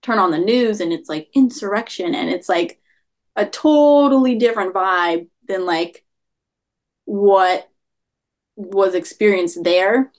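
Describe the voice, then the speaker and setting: A woman's voice: medium pitch, takes it slowly. Young woman rambling with constant fillers. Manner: rambling, heavy use of "like" fillers. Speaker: interview guest. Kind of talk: casual storytelling.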